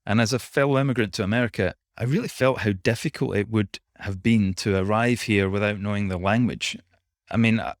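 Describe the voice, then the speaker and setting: A man's voice: lowish voice, no room sound, clean studio sound. A man with a Scottish accent hosting a podcast, chatting casually with wry, self-deprecating humor. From United Kingdom. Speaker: podcast host.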